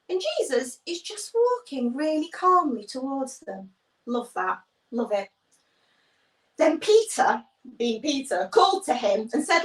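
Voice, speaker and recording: Animated woman telling a kids' Bible story. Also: sits high, far from the mic. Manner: animated, acts out voices, reads viewer comments. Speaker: children's church pastor. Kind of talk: storytelling to children on a livestream. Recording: echoey room, off-mic.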